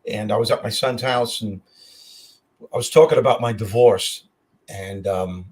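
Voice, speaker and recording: An older man hosts a podcast, telling personal stories in a heartfelt, casual way and often repeating his words. His voice is fairly low, husky, and unhurried.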